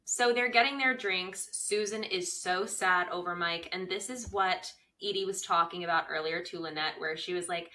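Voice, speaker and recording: A woman's voice: fairly low pitch, moderate pace, hardly any pauses, bright, forceful tone. A woman co-hosting a podcast, chatting casually and giving her opinions while recapping a TV show. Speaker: podcast co-host.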